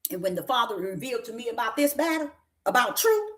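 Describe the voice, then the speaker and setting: A woman's voice: a little high, very animated, quick pace, a bit bright. A woman preaching a sermon as a prophetess, folksy and emphatic, who keeps asking her listeners questions and sometimes breaks into laughter.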